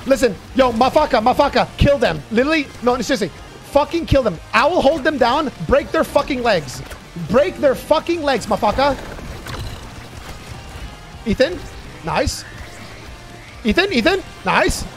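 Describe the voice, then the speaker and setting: A man doing live gameplay commentary, cursing and excitedly trash-talking his teammates. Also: very high voice, normal speed, long pauses, soft background music. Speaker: gaming YouTuber.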